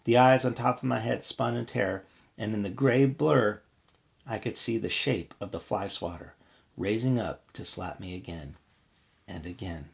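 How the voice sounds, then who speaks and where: Gravelly-voiced man reading a spooky story. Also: lowish voice, moderate pace, muffled recording. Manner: expressive storytelling. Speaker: reader. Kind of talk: reading a children's horror book aloud.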